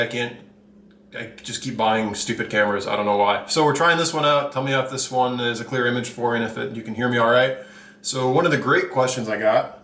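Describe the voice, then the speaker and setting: Male vlog host, mid-pitched, candid and blunt, a bit short of breath, echoey room with faint background hum. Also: pushed and bright. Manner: candid, blunt, rambling with fillers. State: a little out of breath. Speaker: channel host reviewing watches. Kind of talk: casual vlog talk to camera.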